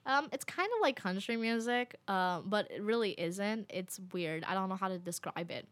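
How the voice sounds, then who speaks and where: A young woman telling a travel story to her viewers in a casual, animated way, full of fillers and little laughs. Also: mid-range voice, moderate pace, no room sound. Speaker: vlogger.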